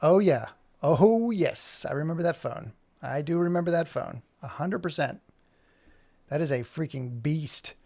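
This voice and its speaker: Rambling and joking to himself while he animates live, a man in his forties has a slightly high but dark-toned voice. He's expressive and takes his time, and the sound is dry.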